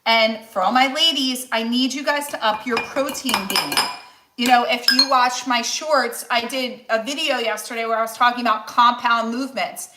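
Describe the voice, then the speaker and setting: A woman's voice: on the high side, moderate pace, echoey room, heavy background noise. A woman in her forties, a nutritionist and weight loss coach, chatting casually and encouragingly on a cooking livestream with many restarts. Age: 40s.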